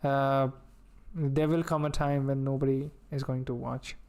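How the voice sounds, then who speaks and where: Indian-accented male streamer, unhurried, mellow tone, laid-back chat while coding. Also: medium pitch, clean tone. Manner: relaxed, chatty, reads tutorial text aloud, muttering to himself.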